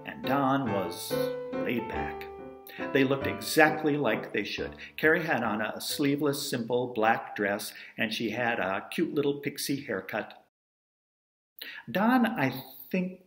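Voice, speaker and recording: A man's voice: mid-range voice, a bit bright, echoey room. Wry man telling a story. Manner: wry, conversational, self-amused asides. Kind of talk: personal storytelling monologue.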